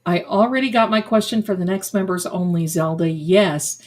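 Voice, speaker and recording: An older woman with a fairly low voice, speaking at normal speed, hosts a psychic livestream as a medium. Her chat is casual and effusive, and she showers viewers with endearments like "my darling."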